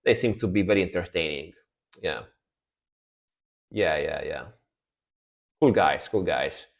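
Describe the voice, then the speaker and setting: A man chatting casually on a music reaction live stream, laid-back and rambling, often trailing off quietly. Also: low voice, animated, measured pace, gravelly.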